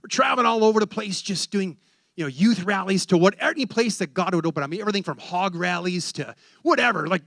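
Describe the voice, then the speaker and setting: A man preaching, telling a story with excitable energy and acting out the voices in it. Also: high voice, a little fast, vocal fry, dry recording. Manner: animated, excitable storyteller who acts out voices. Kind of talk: sermon storytelling.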